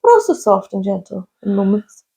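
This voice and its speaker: Gravelly woman telling stories. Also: medium pitch, brisk. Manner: animated storytelling, acts out people she met. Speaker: podcast co-host. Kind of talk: casual chat.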